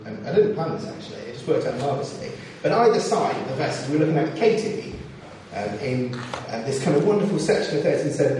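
A man preaching a sermon in a church, expressive and acting out the quotes he reads. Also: on the high side, a little hiss or hum. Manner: expressive, acts out scripture quotes. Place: church or hall. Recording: echoey hall, distant mic, faint ambience.

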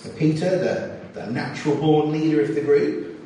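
A man preaching a sermon in a church, expressive and acting out the quotes he reads. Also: fairly high pitch, moderate pace, a little hiss or hum. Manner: expressive, acts out scripture quotes. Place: church or hall. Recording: echoey hall, distant mic, faint ambience.

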